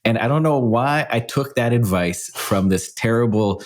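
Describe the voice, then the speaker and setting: A man's voice: medium pitch, moderate pace. A man, a wine expert guest, chatting casually and rambling with lots of fillers. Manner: rambling, many fillers like "like" and "you know". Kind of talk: casual chat.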